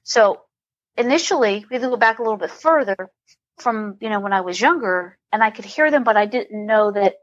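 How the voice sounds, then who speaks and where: A woman's voice: mid-range voice, expressive, moderate pace, dull audio. A woman, a comedian guest on a podcast, talking in a rambling way with many restarts. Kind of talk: casual interview.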